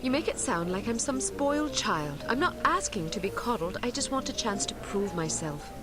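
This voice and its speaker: A woman's voice: mid-range voice, sing-song, normal speed, loud music behind the voice, natural voice. An actress playing a young female spy, impatient and sarcastic. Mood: frustrated. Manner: sharp, sarcastic.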